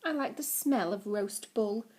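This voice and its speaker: A woman's voice: medium pitch, unhurried, a little mellow, natural voice. A woman voicing a sulky, vain male Greek god who talks in a huffy, demanding way. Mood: boastful.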